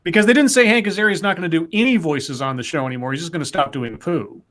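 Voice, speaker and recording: A man's voice: on the high side, rapid-fire, a bit bright. A man co-hosting a podcast, reading out news stories and quotes with frequent fillers and casual commentary.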